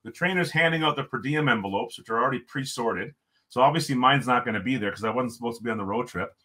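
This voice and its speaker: A man's voice: mid-range voice, fast talker. A middle-aged man from Jamaica, a former pro hockey player, telling a long story in casual talk and acting out what people said. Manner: animated storyteller, acts out quotes, many restarts.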